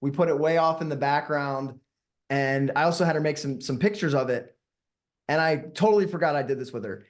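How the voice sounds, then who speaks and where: A hypnotist and workshop leader with a fairly high-pitched voice teaches and then leads a meditation. He speaks slowly and soothingly, putting questions to the audience.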